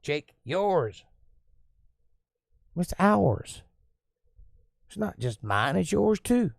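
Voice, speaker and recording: A man's voice: high voice, sing-song, drawn-out words, gravelly, no echo. Chatty male live-stream host, dry sound. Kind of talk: casual live-stream chat, reading comments aloud.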